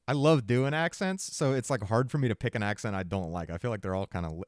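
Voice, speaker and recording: A man's voice: lowish voice, a little fast, dry recording, studio quality. A young man co-hosting a podcast in casual chat, playful and joking, often slipping into silly character voices. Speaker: podcast co-host.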